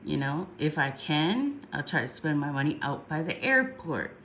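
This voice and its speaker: A woman's voice: low-pitched, sing-song, moderate pace, fairly bright tone, slight background noise. A congested woman talking casually on a livestream, rambling and chatty, often saying "um" and asking "right?" along the way.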